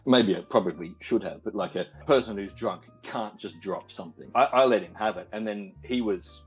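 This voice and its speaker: A man tells his story down the line, his voice low and slightly breathy. He falters and repeats himself, breaking into wry laughter at dark moments. Soft music sits faintly underneath. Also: low-quality recording. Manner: halting, repeats words, laughs wryly. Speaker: caller. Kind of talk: casual storytelling on a call.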